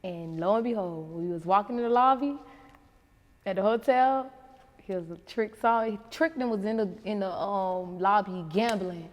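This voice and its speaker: A woman in her thirties, a guest actress and rapper, talking casually in an interview and acting out quoted voices with big swings. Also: moderate pace. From Miami. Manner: animated, acts out quotes with big pitch jumps. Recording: reverberant room.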